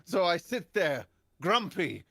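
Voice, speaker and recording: Animated, swearing young man. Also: slow pace, creaky, breathy edge, no room sound. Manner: animated, profane, big swings in pitch and volume. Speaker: podcast panel guest. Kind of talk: comedic storytelling in casual chat.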